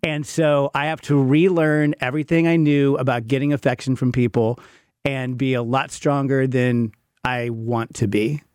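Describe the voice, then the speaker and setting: A man's voice: mid-range voice, a little mellow, clear, resonant tone, no room sound, studio quality. A man in his fifties, chatting candidly as a podcast co-host and poking fun at himself while telling stories. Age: 50s. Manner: candid, self-mocking storyteller. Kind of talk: casual chat.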